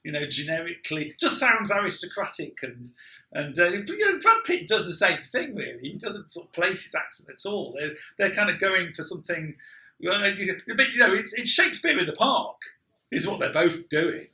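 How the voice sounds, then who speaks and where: A man co-hosting a casual film review chat, rambling with lots of restarts and quick laughs. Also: high voice, big pitch swings, bright, forceful tone, echoey room. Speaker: podcast co-host.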